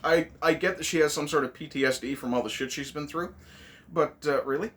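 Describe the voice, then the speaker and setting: A man's voice: fairly high pitch, brisk, a bit bright. Sarcastic, cursing man reviewing a movie. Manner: sarcastic, profane ranting.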